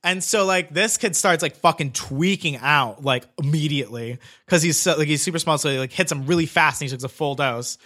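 Bright-voiced man rambling through a story. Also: fairly high pitch, fairly quick, hardly any pauses. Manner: rambling, heavy use of "like", swearing. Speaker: guest telling a story. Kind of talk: casual chat.

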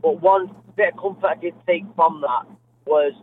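A man talks in a friendly way, pausing often on fillers. His slightly high voice comes through a tinny phone line. There is faint hiss behind him. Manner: friendly, hesitant with many fillers. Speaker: guest. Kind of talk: interview over the phone.

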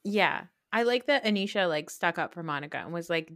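A woman co-hosting a podcast, gossiping in an animated, emphatic way and swearing casually. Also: on the low side, brisk, no echo, clean studio sound. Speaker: podcast co-host. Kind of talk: casual chat.

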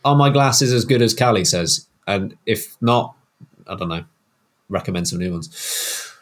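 A young man hosts a relaxed podcast chat, laughing often. His voice is slightly husky and sits fairly low. His pitch moves around a lot as he talks. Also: a little slow. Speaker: podcast host.

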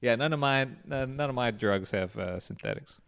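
A middle-aged man co-hosting a casual podcast chat, joking and quick to agree. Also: mid-range voice, vocal fry, fairly bright tone, smooth. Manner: quick banter, jokes and frequent agreement. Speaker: podcast co-host. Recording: dry close mic.

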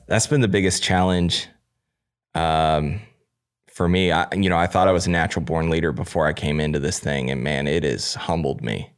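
A man with a very low voice talks as a guest on a casual podcast. He is candid and self-deprecating, and his speech is loose and full of fillers. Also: clear, resonant tone. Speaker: guest, staging company owner.

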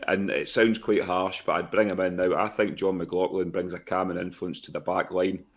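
Deep-voiced male co-host, frank and animated in casual chat. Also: normal speed. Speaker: podcast co-host.

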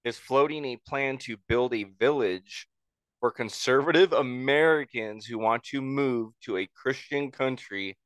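Smooth-voiced bantering man. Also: mid-range voice, measured pace, a bit bright, dry recording. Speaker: podcast co-host. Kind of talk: casual podcast chat.

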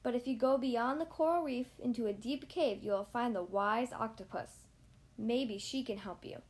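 A woman's voice: on the high side, normal speed, darkish tone, natural voice. A woman voicing a kindly, helpful starfish in a children's storybook read-aloud. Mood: gentle.

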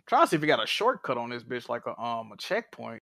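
A man chats in loose slang on a podcast while half focused on a game he is playing. His pitch is middling, and the sound is close and dry, with no room echo. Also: quick pace, vocal fry. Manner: slangy, relaxed, distracted. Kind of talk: casual chat while playing a video game.

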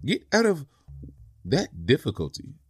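A man voicing a sly, pleading snake in a storytelling podcast, drawing out each word slowly. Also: a little high, wildly swooping pitch, breathy edge, dry recording, studio quality, voice pushed up, full character voice. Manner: slow drawn-out hissing pleas.

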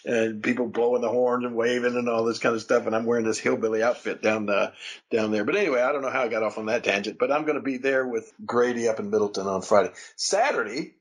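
Older male podcast host, husky voice, rambling storyteller who laughs often. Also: medium pitch, low-quality recording. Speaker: podcast host, wrestling legend. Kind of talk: casual storytelling chat.

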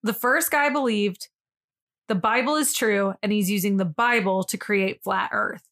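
A young woman co-hosting a podcast tells a history story in a chatty way, filling her speech with "like." Her medium-pitched voice is fairly bright and unhurried.

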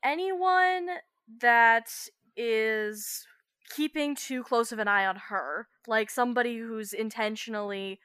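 A woman's voice: a little high, slow, a bit bright, smooth, no echo, studio quality. A woman playing a tabletop game, thinking aloud in a hesitant, thoughtful way. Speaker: player. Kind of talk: casual tabletop play.

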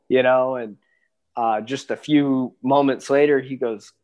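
A man's voice: mid-range voice, moderate pace. A man from Alaska, a dog musher, chatting as a guest in an easygoing, rambling way with lots of fillers. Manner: relaxed, rambling with many fillers. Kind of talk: casual interview chat.

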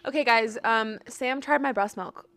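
A woman's voice: fairly high pitch, normal speed, fairly bright tone. A young woman co-hosting a podcast in casual chat, blunt and opinionated with a joking edge. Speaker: podcast co-host.

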